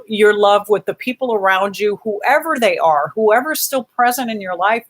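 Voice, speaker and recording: A woman hosting a casual live stream, reading out viewer comments and gently encouraging her viewers. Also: mid-range voice.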